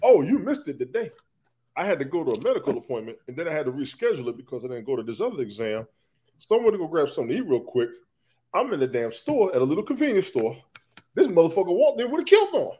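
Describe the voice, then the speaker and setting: Animated profane man, lively pitch. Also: fast. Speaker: podcast co-host. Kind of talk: casual banter.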